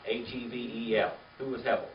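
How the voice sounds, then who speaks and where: An older man teaching a classroom Hebrew reading lesson, patient and slow, spelling words out letter by letter. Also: medium pitch, level tone, crowd noise. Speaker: Bible language teacher. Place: classroom with a small group. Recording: echoey, distant, dull lo-fi room recording.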